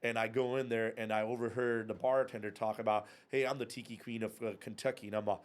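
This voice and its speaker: An animated man in his thirties spins anecdotes as a podcast guest. He swears freely and laughs through his own story, speaking in a casual, unpolished way. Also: fairly low pitch, fast. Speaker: podcast guest, whiskey club and bar owner.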